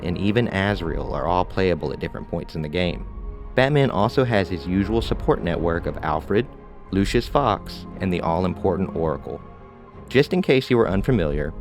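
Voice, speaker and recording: A man narrating a scripted video game review in a relaxed, conversational way with casual asides. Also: low voice.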